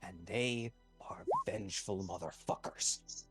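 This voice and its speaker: A man playing a tabletop role-playing game, arguing in character in a blunt, profane and forceful way. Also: sits low, slow, soft background music.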